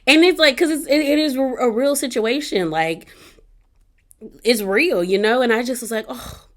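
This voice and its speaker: A woman's voice: a little high, moderate pace. Chatty woman rambling through a show recap. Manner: rambling, lots of fillers and restarts; heartfelt, personal asides. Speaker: reality TV recap vlogger.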